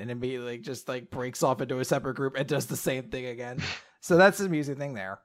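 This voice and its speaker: A young man co-hosting a podcast, casually recapping an anime, animated, swearing and acting out quotes. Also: mid-range voice, fast. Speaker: podcast co-host.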